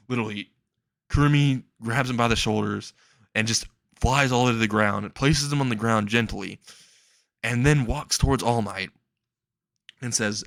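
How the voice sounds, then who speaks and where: A man's voice: mid-range voice, moderate pace, long pauses, a bit bright, no echo. A man telling a comedic story casually, crude, rambling and often laughing.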